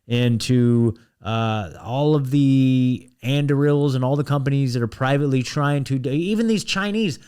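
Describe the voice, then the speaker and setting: A man's voice: medium pitch, a little mellow, smooth. Blunt, ranting American man. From United States. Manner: blunt, restless, full of restarts and asides. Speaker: host. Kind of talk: ranting commentary.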